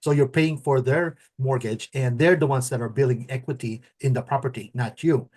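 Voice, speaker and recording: An excited middle-aged man who stumbles over his words, repeating and restarting as he talks. His voice sits at a middle pitch, and he speaks in a casual, conversational way as a co-host. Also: normal speed. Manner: excited, stammering with many restarts.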